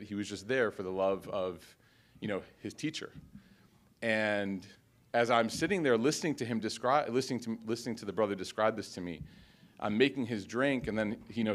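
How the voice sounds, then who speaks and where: A male teacher giving a heartfelt speech at a graduation ceremony, telling stories and reciting Arabic quotations. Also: fairly low pitch. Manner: storytelling, emotional, quoting Arabic.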